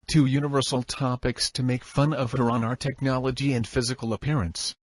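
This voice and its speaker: A man reading a self-help audiobook in an even, instructive narration style. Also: medium pitch, fairly quick, dry recording.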